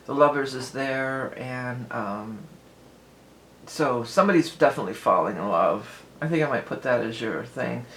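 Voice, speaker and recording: A woman's voice: very deep voice, lively intonation, moderate pace. Rambly woman doing a tarot reading, laughs a lot, roomy echo. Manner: chatty, rambling, laughs often. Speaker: tarot reader. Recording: echoey room, faint background noise.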